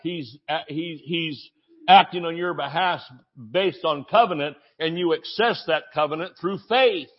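A man preaching a sermon as a pastor, animated, with shouted exclamations and joking asides. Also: on the high side, unhurried, lo-fi sound.

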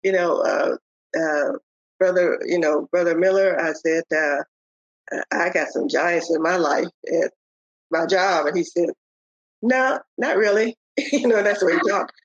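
An older woman, a podcast guest, telling the story of her faith in a halting way, with many pauses and restarts. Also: lowish voice, steady tone, dry recording. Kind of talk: telling a personal faith testimony. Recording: dull, lo-fi audio.

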